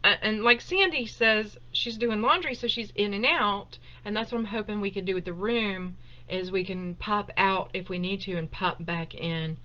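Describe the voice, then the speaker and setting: A woman with a drawl talks to her viewers in an easygoing, emotional way, with many fillers and ums. Her voice is bright and ringing. The webcam audio sounds a bit dull. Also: mid-range voice, moderate pace. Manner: chatty and emotional, laughs often, with many fillers. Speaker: host of a live Q&A stream. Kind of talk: casual livestream chat. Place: at home, indoors. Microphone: webcam on a desktop.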